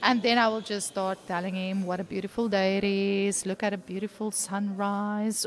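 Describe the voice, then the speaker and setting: A woman co-hosting a casual faith chat, earnest and heartfelt, recorded in a coffee shop. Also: mid-range voice. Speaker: co-host.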